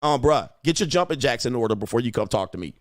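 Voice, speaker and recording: A man hosting a livestream, ranting at his viewers in a loud, mocking, insulting way. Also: medium pitch, expressive, quick pace, no room sound, studio quality. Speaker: online dating coach host. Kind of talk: livestream rant.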